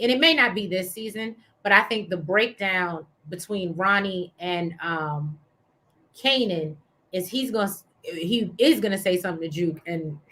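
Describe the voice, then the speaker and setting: A woman's voice: medium pitch, pushed and bright. A woman co-hosting a casual TV recap show, reading viewer comments aloud and laughing as she talks.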